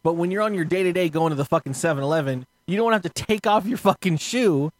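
A slightly high-voiced man talking into a close podcast mic in a dry, dead room. He rants in a casual, animated way, swears freely and laughs often as he tells a story to his co-hosts. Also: fast talker, no room sound. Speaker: podcast co-host. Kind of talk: casual profane chat.

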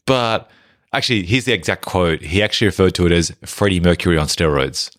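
A man's voice: low-pitched, lively intonation, fairly quick, a bit bright, dry recording, studio quality. A man co-hosting a casual film podcast, chatty and enthusiastic, peppering his talk with "like". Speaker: podcast co-host.

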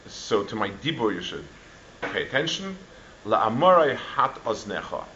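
A man giving a Torah class, talking in halting runs with many restarts and Hebrew and Yiddish terms mixed in. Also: on the low side, sing-song, pushed and bright, highs cut off, slight background noise. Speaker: Torah teacher.

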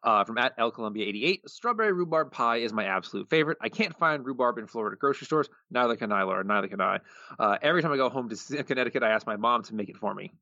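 A man co-hosting a podcast, rattling through listener answers at a brisk clip with a sharp, tense edge to his voice. He chuckles easily between entries. The audio is dry and slightly muffled. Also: mid-range voice, expressive, no echo. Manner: quick, chuckling delivery. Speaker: podcast co-host. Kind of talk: casual podcast chat, reading listener answers.

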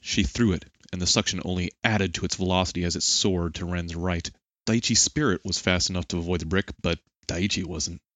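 A man reading an action novel aloud in steady, measured audiobook narration. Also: low-pitched, dry recording.

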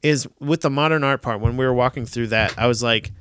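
A man's voice: mid-range voice, a little fast, fairly bright tone, a little hiss or hum. A man chatting casually with a friend, rambling and swearing, often restarting his sentences. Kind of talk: casual chat.

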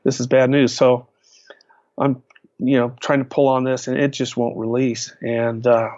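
A man's voice: medium pitch, level tone, a little slow, a little mellow, no echo. A man guest telling long casual stories in a rambling way, often restarting his sentences. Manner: rambling, with many restarts and fillers. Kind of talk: casual storytelling. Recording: dull, lo-fi sound.

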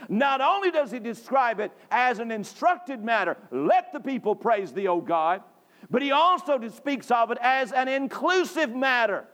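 A man from North Carolina, preaching a sermon emphatically, repeating phrases and rising to shouts. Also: extremely high pitch, sing-song, moderate pace. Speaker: pastor. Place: church sanctuary.

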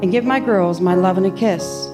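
A woman playing a calm, loving mother. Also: mid-range voice, moderate pace, natural voice, poor audio. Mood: reading aloud. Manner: calm, affectionate. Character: loving, composed mother of four daughters. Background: piano music.

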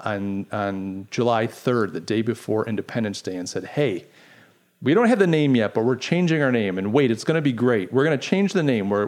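A middle-aged man hosting a podcast, giving casual commentary in an animated, sarcastic way, firing off rhetorical questions. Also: mid-range voice. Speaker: podcast host.

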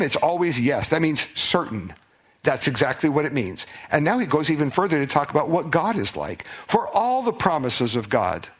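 A man, a pastor, preaching a conversational expository sermon, animated and asking his listeners questions as he reads and explains the text. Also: a little high.

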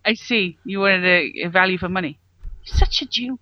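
A man co-hosting a casual movie podcast from bed, laughing often and joking, saying he is high. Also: bright, forceful tone, dry recording. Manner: laughing, joking, quick asides. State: says he is high. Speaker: podcast co-host. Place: in bed at home. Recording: dull lo-fi remote audio.

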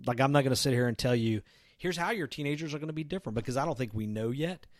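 A man's voice: mid-range voice, no echo, clean studio sound. A man co-hosting a youth ministry podcast, bantering playfully in a casual chat.

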